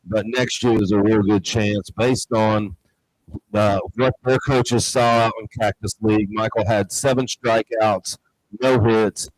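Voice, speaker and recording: A man's voice: lowish voice, steady tone, measured pace, slight background noise, rough recording. A middle-aged man, a show host, talking in a heartfelt, rambling way and getting emotional. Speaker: show host and restaurant owner. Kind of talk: casual chat.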